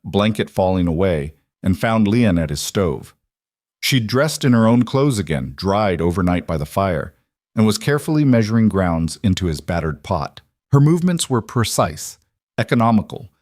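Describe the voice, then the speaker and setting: Low-voiced male storyteller. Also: animated, darkish tone, dry recording, studio quality. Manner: measured, unhurried storytelling. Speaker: narrator. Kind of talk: scripted storybook narration.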